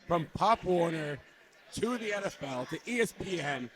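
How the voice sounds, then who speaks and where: A man's voice: fairly high pitch, lively intonation, moderate pace, crowd noise. A man co-hosting a live podcast interview, talking in a hyped, emphatic way and repeating lines for punch. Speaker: podcast co-host, sales director. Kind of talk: casual interview talk. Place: live party event.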